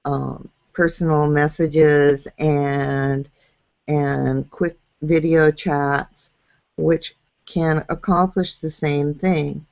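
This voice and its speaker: Slow, low-voiced woman host. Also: little pitch movement, creaky, a little mellow, no echo, muffled recording. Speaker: show host. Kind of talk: hosting a live video chat show.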